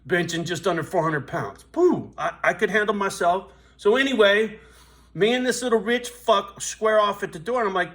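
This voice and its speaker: A blunt man in his fifties tells a profane, streetwise story straight to the camera. His voice sits a little high for a man, and he keeps tagging lines with "right?". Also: fairly quick, fairly bright tone. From US West Coast. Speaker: vlogger.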